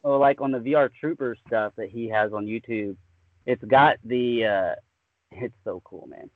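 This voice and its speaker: A man's voice: medium pitch, normal speed, dry recording. A laid-back man with a Southern drawl who rambles in a friendly way through an interview. His voice sits mid-range and comes through dry and thin, as though carried over a phone line. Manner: easygoing, rambling, says "man" a lot. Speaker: guest. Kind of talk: casual podcast interview. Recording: tinny phone-like remote line.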